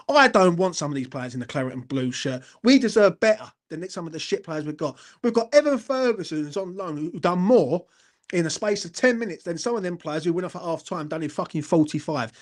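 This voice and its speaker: A man's voice: fairly high pitch, animated, fairly quick. A man, hosting a fan channel and ranting angrily after a match, swearing hard and repeatedly checking that the listener follows him, talking from indoors at a relative's house. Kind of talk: angry post-match rant.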